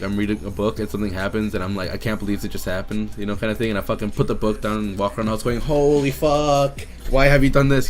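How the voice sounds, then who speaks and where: A young man telling a long personal story to his viewers, rambling, excitable and swearing a lot. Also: fairly low pitch. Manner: excitable, rambling and heavily profane. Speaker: streamer and YouTuber. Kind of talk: casual storytelling to camera.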